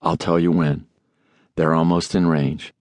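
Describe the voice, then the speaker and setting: A man voicing a steady, commanding father who hunts, giving quiet, firm instructions. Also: rumbling low, measured pace, no echo. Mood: hushed commands. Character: gruff Southern father, a hunter, steady and commanding.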